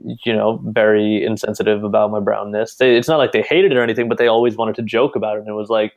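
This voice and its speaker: A young man, a podcast guest, in casual chat, agreeable and quick to reply. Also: fairly low pitch, fairly even intonation, highs cut off. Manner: agreeable, short backchannel replies.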